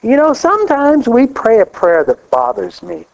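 A man preaching a sermon in a folksy, animated way, laughing often and rising on exclamations. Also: very high voice, normal speed, gravelly. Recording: dull lo-fi recording.

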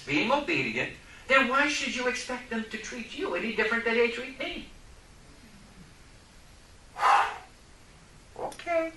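A man preaching a sermon, telling a story and rising to loud, impassioned outbursts. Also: high-pitched. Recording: echoey room.

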